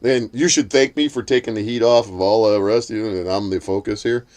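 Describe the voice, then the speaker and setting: A man's voice: fairly even intonation, brisk, a little mellow. A man in a casual chat, telling a heated story full of swearing and acting out what others said. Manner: acts out quotes in a shrill voice.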